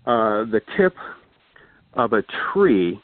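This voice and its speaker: Speaking slowly in a voice on the low side with big pitch swings, an older man tells a long, rambling anecdote as a guest storyteller, often using fillers and restarting. The recording is dry, with a thin, phone-like quality.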